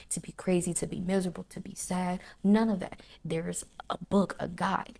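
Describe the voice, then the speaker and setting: A woman shares a heartfelt spiritual reflection in a preaching cadence, stacking lists and repeating her points. Her voice is low and mellow, with a gravelly, husky grain. She often sinks to a near whisper. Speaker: faith vlogger.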